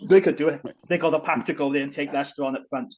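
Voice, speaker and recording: A man's voice: on the high side, steady tone, very fast, a little mellow. A man chatting casually on a rugby podcast, easygoing and a little hesitant with plenty of fillers. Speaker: podcast panelist. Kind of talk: casual chat.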